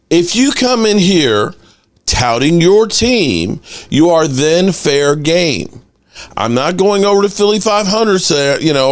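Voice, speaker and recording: A man hosting a casual sports fan livestream. He reads chat aloud and rants with animated energy. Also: a little high. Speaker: host of a sports fan channel.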